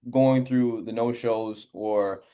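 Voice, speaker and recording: A man's voice: medium pitch, fairly even intonation, takes it slowly, warm tone, clean tone. A male host with an everyday mid-range voice who runs the conversation casually. His questions wander through plenty of "like" and "you know," and he tends to close his points with "man.". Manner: casual, filler-heavy, says "man" and "like" a lot. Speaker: podcast host. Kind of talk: interview conversation.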